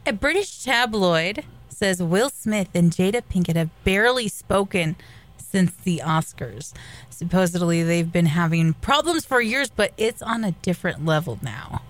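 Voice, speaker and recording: Casting: woman with a lower voice, brisk radio news co-host. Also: lively intonation. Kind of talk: news reading and casual chat.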